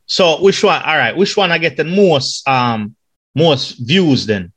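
A man's voice: on the high side, animated, a little slow, a bit bright, husky. Easygoing Jamaican male podcast host. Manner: easygoing, calling guest bro and man. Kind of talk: casual interview chat.

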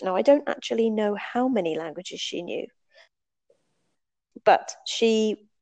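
Woman, mid-pitched, gravelly fry, chatty step-by-step storyteller. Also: warm tone. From United Kingdom. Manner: conversational, explains step by step with frequent ums. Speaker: storyteller recalling a language class. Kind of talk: casual spoken storytelling.

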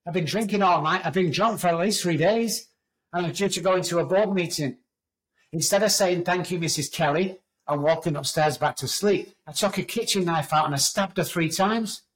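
A man's voice: high voice, moderate pace, poor audio. A middle-aged man with an English accent, a podcast guest telling his story in a candid, raw way, swearing freely. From England. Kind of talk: storytelling interview.

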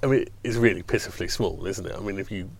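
A man's voice: low-pitched, quick pace. A man on a news podcast panel, giving wry, sardonic commentary in casual discussion. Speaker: education journalist on panel.

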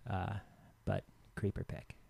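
A man's voice: slow, warm tone, dry recording. A man co-hosting a gaming podcast, telling a casual anecdote in an easygoing way. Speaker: podcast co-host. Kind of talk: casual storytelling chat.

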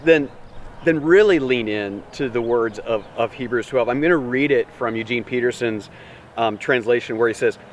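Male pastor, Easter sermon, animated dramatic storytelling, heard from a distance, faint background noise. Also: normal speed. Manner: animated, dramatic storytelling with big pitch swings.

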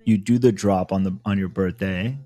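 A man's voice: deep voice, steady tone, moderate pace, mellow. A man hosting a podcast interview, asking casual, rambling questions. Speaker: podcast host.

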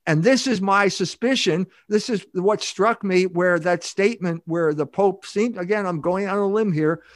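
Emphatic older man, fairly high voice. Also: moderate pace, dry recording, clean studio sound. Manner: emphatic, rambling with restarts. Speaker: guest author. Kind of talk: podcast interview.

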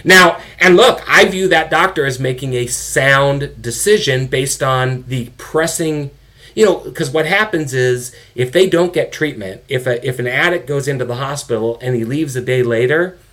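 Middle-aged man, interview guest, candid and animated storyteller. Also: medium pitch, normal speed. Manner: animated, swears, quotes people in their own voices. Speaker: guest, father of an addicted son.

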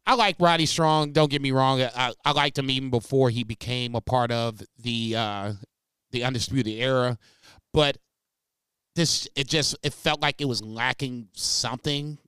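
Smooth-voiced man co-hosting a podcast. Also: medium pitch, fairly even intonation, moderate pace, a bit bright, dry recording, studio quality. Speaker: podcast co-host. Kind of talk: casual podcast chat.

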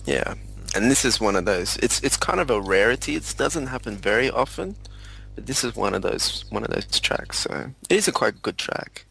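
Man, very deep voice, bright and forceful, earnest music talk, explaining with likes and you knows. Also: very animated, moderate pace, gravelly, husky, poor audio. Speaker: podcast panelist. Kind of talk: casual music discussion.

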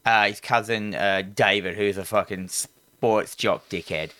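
A man's voice: on the low side, clean tone, no echo. A man, co-hosting a casual film review chat, swearing freely and laughing easily. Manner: swearing, animated, quick laughs. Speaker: podcast co-host.

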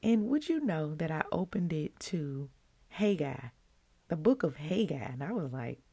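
A woman hosting a devotional podcast, earnest and emotional, her voice breaking into excited peaks as she shares her morning. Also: sits low, measured pace, husky. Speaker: podcast host.

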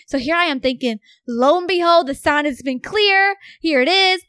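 A woman with a fairly high voice tells a story in casual talk, swearing freely and acting out what everyone said. The sound is dry and close to the mic. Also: moderate pace, dry recording. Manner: swears a lot, animated storytelling. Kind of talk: casual conversation.

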